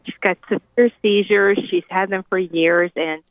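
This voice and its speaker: A woman's voice: mid-range voice, fairly even intonation, a little slow, no room sound. A woman calling in to a talk show, urgently asking for prayers. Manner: urgent, pleading. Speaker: caller. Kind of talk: phone-in request. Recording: tinny phone line.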